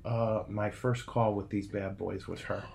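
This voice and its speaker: A man chatting casually about getting hearing aids, telling animated, self-mocking stories. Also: lowish voice, a little slow, gravelly. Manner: animated storyteller, self-deprecating. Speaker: hearing aid client. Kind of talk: casual conversation.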